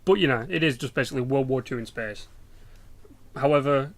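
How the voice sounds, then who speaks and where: A man's voice: medium pitch, brisk. A young British man rambling through casual, sweary game commentary as a channel host. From Britain.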